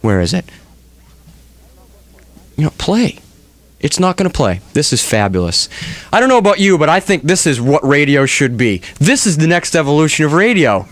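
A man's voice: on the high side, big pitch swings, normal speed, no room sound. A man hosting a comedic radio show on a studio microphone, ranting in mock-melodramatic exasperation.

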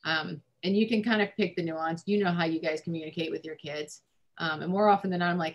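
Woman therapist with a low-pitched voice, relaxed chatty delivery full of fillers. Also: a little fast. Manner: informal, many fillers like "um" and "like". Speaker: family therapist. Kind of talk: casual explanatory chat.

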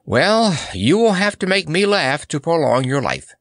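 A man's voice: on the high side, very animated, unhurried, no room sound, clean studio sound, pitched above the performer's own voice, full character voice. A man voicing a pompous, blustering male king with blue whiskers, speaking in a raised, demanding tone. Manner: imperious, demanding.

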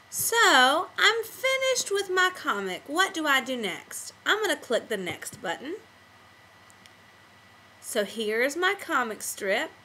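A woman's voice: high voice, sharp tone, slight background noise, low-quality recording. A woman teacher walking children through making a comic on screen, patient and step-by-step. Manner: patient, step-by-step classroom explaining. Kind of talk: screen-recorded software tutorial for kids.

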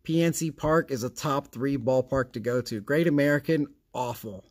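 A man's voice: medium pitch, normal speed. A man hosting a casual card-opening vlog, chatty and rambling, with a sarcastic streak. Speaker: card collecting channel host.

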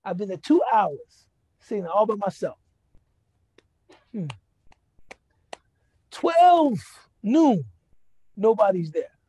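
A man's voice: high-pitched, unhurried, pauses often, darkish tone, husky, no room sound. A man giving a lecture, telling a personal story in a conversational way, often asking the audience "right?" and "you know". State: moved to emotion. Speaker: Islamic speaker giving a lecture.

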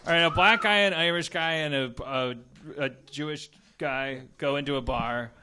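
Male podcast host, bright tone, loose joking riffs, laughs easily. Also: a little high, clean tone. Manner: riffing, joking, quick to laugh. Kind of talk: live comedy podcast banter.

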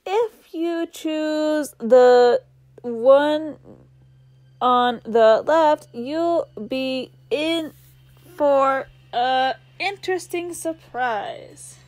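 A woman voicing a slow, ominous voice in a game, drawing out her words. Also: high-pitched, a little mellow, dry recording. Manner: drawn-out, looming.

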